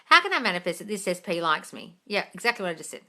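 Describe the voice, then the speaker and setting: A woman hosting a casual live-stream Q&A as a manifesting coach, blunt and sweary, swinging between muttered asides and loud exclamations. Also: lowish voice, sing-song, racing. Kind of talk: casual live-stream chat reading comments.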